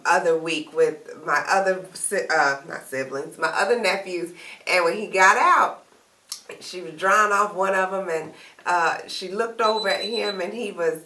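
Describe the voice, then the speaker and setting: A woman's voice: on the low side, sharp tone. A woman on a casual panel chat, telling stories about her family and laughing easily. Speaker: co-host. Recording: echoey room, mic at a distance.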